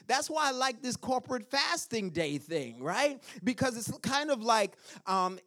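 A pastor preaching a chapel sermon, calling out to the congregation and dropping into quiet whispered asides. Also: male voice, very high voice, unhurried, hardly any pauses. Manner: animated preaching with call-and-response "Amen?".

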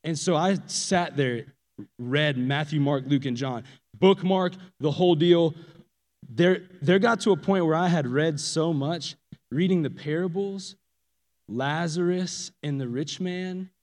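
A man's voice: a little high, measured pace. Man testifying in a reverberant hall. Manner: casual and animated, swinging from loud emphasis to hushed asides. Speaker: speaker giving a personal testimony. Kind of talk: spoken testimony to a church audience. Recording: long reverb of a large hall.

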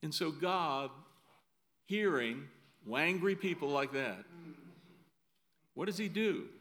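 A man's voice: a little high, lively intonation, takes it slowly, fairly bright tone. A middle-aged male pastor preaching a sermon in a conversational way, often adding "right?" asides.

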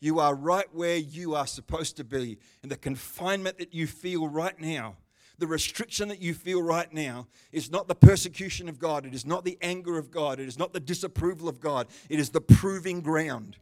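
A man preaching a sermon in a church service, animated and bursting out loud at times, with chatty, joking asides to people in the congregation. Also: a little high, normal speed. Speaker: pastor.

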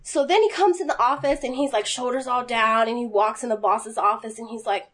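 Casting note: woman, slightly high voice, lively storyteller in a casual chat. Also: fairly quick. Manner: animated, quotes people in voices.

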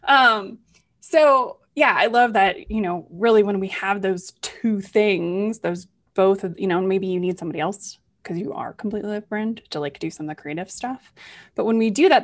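A woman hosting an interview, talking in an animated, chatty way about her tax planning work. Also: mid-range voice, moderate pace. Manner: animated, chatty, many fillers like "right?". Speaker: podcast host, tax planner. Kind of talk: casual conversational interview.

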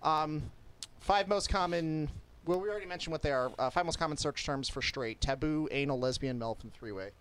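A man's voice: fairly high pitch, a little fast, fairly bright tone, clear, resonant tone. A man hosting a casual podcast, running through statistics in a crude, joking way. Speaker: podcast host. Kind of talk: casual chat.

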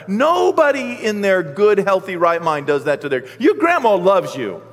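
A man preaching a sermon, telling stories with lively energy and shouting out the lines he acts out. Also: high-pitched, normal speed. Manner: animated storytelling, shouting acted-out quotes. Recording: long hall reverb.

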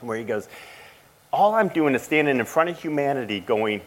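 A middle-aged father gives a personal testimony to a church audience about his relationship with his grown child. His medium-pitched, lively voice is halting and emotional, full of restarts, and the audio quality is poor.

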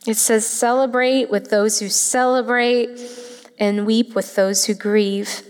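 A woman's voice: on the high side, fairly even intonation, takes it slowly, clean tone. A woman pastor giving a heartfelt, conversational sermon to her church. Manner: heartfelt, conversational, tearful at moments. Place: church sanctuary. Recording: long hall reverb.

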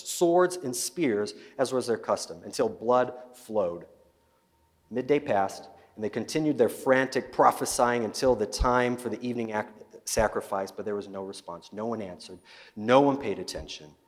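A male pastor preaching a sermon, retelling a Bible story with vivid storytelling and often repeating words as he goes. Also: medium pitch. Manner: storytelling, acting out biblical scenes, frequent repeated words. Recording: long reverb of a large hall.

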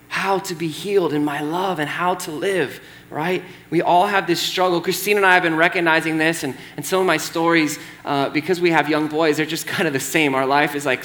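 A young man preaching as pastor in a casual, conversational sermon, with animated asides and frequent "right?" checks to the congregation. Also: fairly high pitch.

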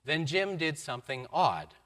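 A man preaching a sermon, telling a story and acting out the voices in it, moving between loud outbursts and quiet lines. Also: on the high side, very animated, normal speed. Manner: acts out quoted voices, swings from loud to soft. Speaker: pastor.

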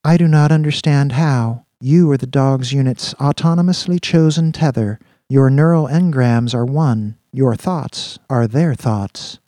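A precise, literal-minded computerized dolphin AI, as a man voices it, speaking in flat formal phrases. The voice sits mellow and dark. The recording is dry and close. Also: medium pitch, measured pace, hardly any pauses, no room sound, close to an everyday voice.

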